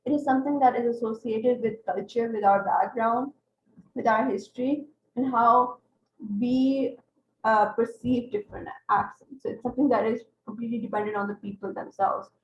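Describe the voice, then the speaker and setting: Lady teacher explaining things, bit high voice, echoey room, muffled lo-fi sound. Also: steady tone, moderate pace. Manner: explanatory, checks in with "right?". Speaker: English tutor. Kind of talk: online class lecture. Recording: roomy, dull lo-fi online class audio.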